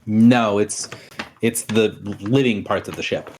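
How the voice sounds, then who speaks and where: A man acts as game master for a tabletop session. His voice sits a little low, and he describes scenes and choices in a loose, rambling manner, often restarting his sentences. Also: measured pace, a little hiss or hum. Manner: relaxed, rambling explanations with restarts.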